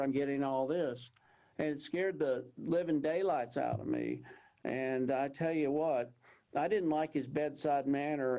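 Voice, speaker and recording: A Texan man in his sixties, appearing as an interview guest, spins a rambling, folksy story from his own life and acts out what other people said, all in a Texan accent. His voice is fairly high but dark-toned, and the high frequencies are cut off.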